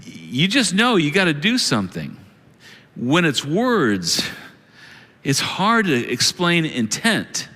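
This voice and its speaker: A male pastor preaching in a big church hall, his bright, fairly high voice ringing with a long reverb. He swings his pitch widely as he plays out the excuses people make. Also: slow pace. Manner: acts out quoted excuses in animated voices. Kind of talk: sermon.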